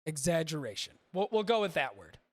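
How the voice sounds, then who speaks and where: A man's voice: fairly high pitch, big pitch swings, brisk, dry recording. A man hosting a podcast livestream, chatting casually and profanely, rambling and talking to his chat. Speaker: podcast host.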